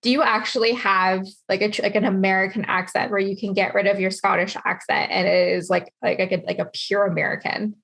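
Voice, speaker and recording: A woman hosts a relaxed interview with a mid-pitched voice. She rambles in a chatty way and leans on "like" in nearly every phrase. Her talk runs on in loose, stop-start stretches. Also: fairly quick, creaky, hardly any pauses. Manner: chatty, rambling, heavy use of "like". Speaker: interview host. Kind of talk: casual interview chat.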